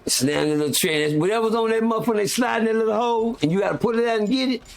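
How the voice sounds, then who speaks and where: A man's voice: high-pitched, very fast, creaky, slight background noise. A man hosting a live stream, talking in a heated, profane and rambling way, full of restarts and fillers. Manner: frequent restarts and filler words. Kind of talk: casual live-stream rant.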